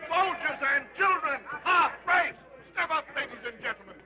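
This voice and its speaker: An actor playing a brash carnival barker, shouting sales patter in a 1930s film. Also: male voice, very high voice, lively intonation, normal speed, a crowd in the background. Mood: hawking. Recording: dull lo-fi 1930s film sound with music.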